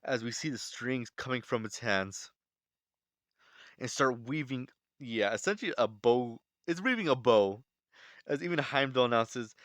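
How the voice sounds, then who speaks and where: A man's voice: medium pitch, animated, unhurried, a bit bright, no echo, studio quality. A man casually breaking down a manga chapter, rambling with restarts and fillers. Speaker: manga reviewer.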